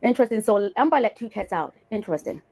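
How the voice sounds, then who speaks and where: A woman's voice: mid-range voice, lively intonation, fast talker, darkish tone. A woman hosting a reaction commentary, talking in a sarcastic, scolding way and calling the person she is criticizing honey. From Bali. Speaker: commentary host reacting to clips.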